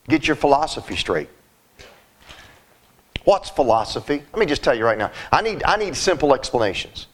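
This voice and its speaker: A high-pitched man preaches a sermon, talking to his listeners in a folksy, emphatic manner. He often stumbles and repeats words as he builds each point.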